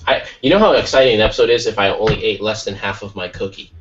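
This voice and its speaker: A man co-hosting an art podcast in casual chat, excitable and quick to exclaim. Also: lowish voice, lo-fi sound, slight background noise. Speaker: podcast co-host.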